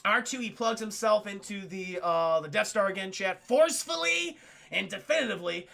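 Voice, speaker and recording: A man casually recapping a movie for a live chat, animated, joking and swearing freely. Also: high voice, normal speed, gravelly. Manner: animated, profane, jokey. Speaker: streamer.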